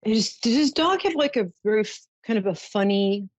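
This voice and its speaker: A woman with a medium-pitched, expressive voice speaks at a moderate pace while hosting a psychic call-in show. She soothes callers and showers them with endearments as she gives readings. The recording is dry, dull and lo-fi, with no echo.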